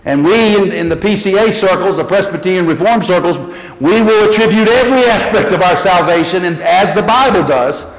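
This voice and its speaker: A man preaching a sermon as pastor, animated and repeating key phrases. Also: high-pitched, a little fast. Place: church sanctuary. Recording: echoey church hall.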